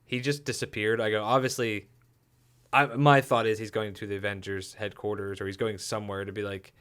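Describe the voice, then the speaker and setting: A young man chatting on a podcast with a bright, forceful voice. He jokes and laughs easily, throwing in quick asides. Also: fairly low pitch, level tone, clean tone. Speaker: podcast co-host. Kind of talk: casual chat.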